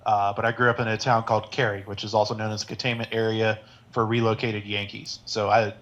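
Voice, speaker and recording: Male co-host from North Carolina, rapid relaxed talk, lowish voice. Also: muffled recording. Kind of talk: casual livestream chat.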